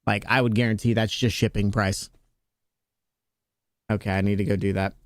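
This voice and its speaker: A man's voice: lowish voice, flat delivery, moderate pace, no room sound. Casual streamer man, dry close sound. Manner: rambling, talks to chat, frequent restarts. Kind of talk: casual live-stream chat.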